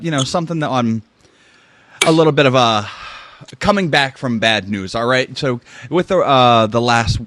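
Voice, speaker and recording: A man's voice: mid-range voice, a bit bright, no room sound. Male interviewer, dry recording; friendly, enthusiastic, long casual questions. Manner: friendly, enthusiastic, repeats "that's awesome".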